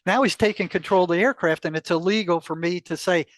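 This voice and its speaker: An older man with a high-pitched voice talks fast as he tells a long personal story in a casual interview, voicing the back-and-forth and breaking into laughter. The recording is dry and close, without any room sound.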